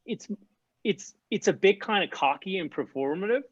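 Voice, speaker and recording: A man's voice: sits high, expressive, normal speed, husky, no room sound. Man rambling on a video call. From Newfoundland, Canada. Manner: rambling, many fillers and restarts. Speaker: guest. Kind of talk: casual video call chat. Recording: dull lo-fi video call audio.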